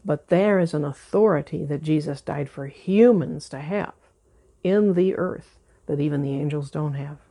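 Low, gravelly woman preaching. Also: moderate pace, mellow. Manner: earnest, emphatic, repeats words for stress. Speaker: pastor. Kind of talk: conversational sermon.

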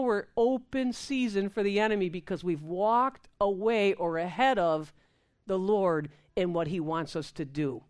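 A woman preaching a sermon in an animated, amped-up way, acting out prayers and laughing with the congregation. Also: medium pitch, a little slow.

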